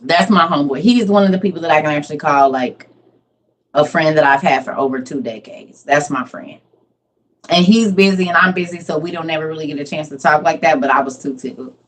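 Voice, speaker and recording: A middle-aged woman hosts a relaxed livestream, talking straight to her viewers. She laughs easily and answers comments by name. Her voice sits a little low. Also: a little fast, slight background noise. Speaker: livestream host. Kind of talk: casual livestream chat with viewers.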